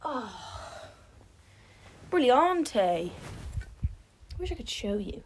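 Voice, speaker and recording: A woman's voice: fairly high pitch, lively intonation, slow pace, darkish tone, a little hiss or hum, rough recording. A woman vlogging in casual self-talk, out of breath and self-mocking, often dropping to a whisper. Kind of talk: casual self-talk while building a blanket fort.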